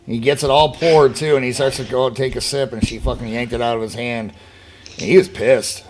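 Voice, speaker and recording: A man's voice: medium pitch, steady tone, fairly quick, a little hiss or hum. A man telling family stories over game voice chat, heated and profane, acting out the people in them. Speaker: brother of the streamer.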